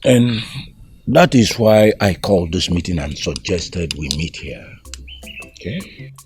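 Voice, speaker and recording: An actor with a Nigerian accent playing a solemn older royal father who speaks in a measured way. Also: low voice, expressive, a little mellow, slight background noise, full character voice. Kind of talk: film drama acting.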